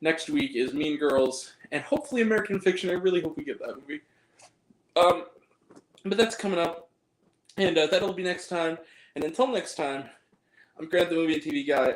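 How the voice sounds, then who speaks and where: A man's voice: fairly high pitch, a little fast, slight background noise. Male host reviewing films, blunt and rambling, swears freely; roomy, echoey sound. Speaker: movie reviewer. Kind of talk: casual video review. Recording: roomy echo.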